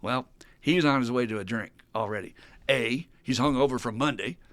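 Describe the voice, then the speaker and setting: A man hosting a podcast, telling stories in a casual, animated and profane way. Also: medium pitch, moderate pace, dry recording. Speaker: podcast host. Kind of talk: casual chat.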